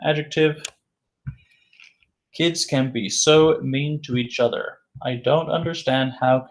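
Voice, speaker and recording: A man teaching an English vocabulary lesson, saying each word slowly and repeating it several times for learners. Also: on the high side, fairly even intonation.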